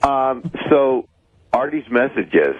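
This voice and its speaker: A man's voice: medium pitch, sing-song, slow, dry recording, narrow, tinny audio. A man calling into a radio show, speaking bluntly and offhandedly. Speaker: caller. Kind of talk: casual radio chat.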